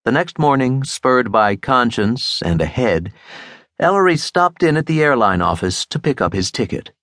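A man narrating a mystery audiobook in a crisp, expressive storytelling manner. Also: mid-range voice, moderate pace, dry recording, clean studio sound. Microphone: close studio mic.

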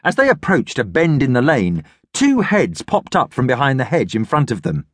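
A man narrating a children's audiobook in a lively storytelling manner. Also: mid-range voice, normal speed, no echo. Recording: dry studio audiobook.

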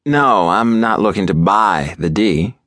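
A man's voice: sits low, moderate pace, dry recording, studio quality, natural voice. A man voicing a nervous, earnest young city businessman. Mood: reassuring. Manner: earnest, hesitant.

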